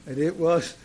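A gravelly, fairly high-voiced man preaching. He climbs into loud, emphatic declarations and then settles back into homespun anecdotes. Faint noise hums behind him. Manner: rises to emphatic declarations, then drops to folksy storytelling. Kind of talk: sermon.

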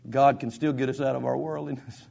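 A man preaching a sermon as pastor, with impassioned delivery that swings between loud and soft. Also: mid-range voice, steady tone, fairly quick, vocal fry.

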